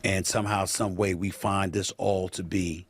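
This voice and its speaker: Deep-voiced man hosting a talk show. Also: flat delivery, normal speed. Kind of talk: news commentary discussion.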